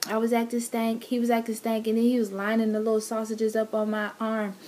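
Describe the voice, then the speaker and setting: A woman's voice: a little high, completely flat delivery, fairly quick, darkish tone, slight background noise. A woman vlogger casually telling her love story, teasing and laughing with her partner.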